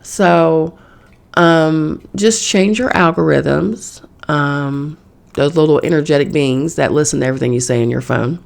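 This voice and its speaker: A woman podcast host with a gravelly edge to her voice, speaking in a casual spiritual monologue. She talks bluntly and swears freely, like she's chatting with friends from her home. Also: extremely low pitch, darkish tone. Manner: blunt, profane, conversational. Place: home in New York.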